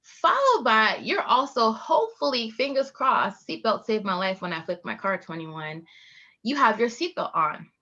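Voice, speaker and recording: A woman speaking at an online leadership conference, talking in a lively way and laughing often. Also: on the high side, normal speed, lo-fi sound. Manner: lively, laughing, animated storytelling. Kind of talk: live online presentation.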